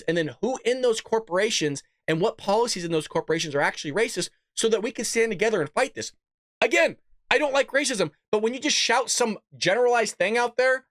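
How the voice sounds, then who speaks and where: A man's voice: high-pitched, fairly bright tone, dry recording, clean studio sound. A man hosting a political commentary show, reading news stories aloud and ranting sarcastically, often laughing as he reads.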